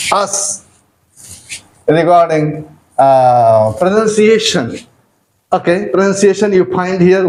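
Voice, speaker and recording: Slow, high-voiced teacher. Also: male voice, darkish tone, poor audio. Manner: slow, drawn-out spelling and repeating of sounds. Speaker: English teacher. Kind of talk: pronunciation lesson.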